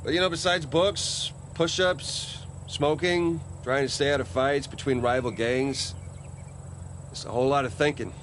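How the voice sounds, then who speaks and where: An actor playing a middle-aged ex-convict who rambles and jokes, in video game cutscene dialogue. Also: male voice, mid-range voice, fairly even intonation, unhurried, a bit bright, slight background noise, natural voice. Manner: rambling, jokey storyteller. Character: male ex-convict, chatty and joking.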